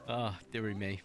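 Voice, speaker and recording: A British man streaming a game, chatting casually with viewers, reading chat aloud and laughing often. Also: fairly low pitch. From Britain. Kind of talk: casual live-stream chat while gaming.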